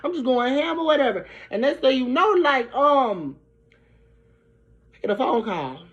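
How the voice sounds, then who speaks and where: A young woman from Brooklyn, telling a profane, animated storytime. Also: high voice, unhurried. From Brooklyn, New York. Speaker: vlogger. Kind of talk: storytime vlog. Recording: dull lo-fi recording.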